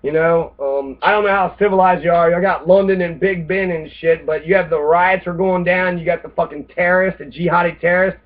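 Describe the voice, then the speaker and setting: A man's voice: sits high, steady tone, brisk, few pauses. An American man ranting casually and sarcastically, swearing often and rambling between points. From United States. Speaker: host. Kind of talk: casual rant monologue. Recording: tinny phone-like lo-fi audio.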